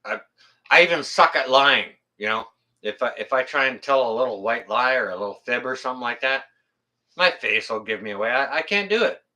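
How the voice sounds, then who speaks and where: A man's voice: medium pitch, lively intonation, fairly quick, sharp tone. A man hosting his own channel, chatting casually with viewers on a livestream, blunt and plain-spoken and swearing freely, rambling and correcting himself as he goes. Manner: rambling, self-correcting delivery. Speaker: YouTube channel host. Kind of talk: casual livestream chat reading viewer comments.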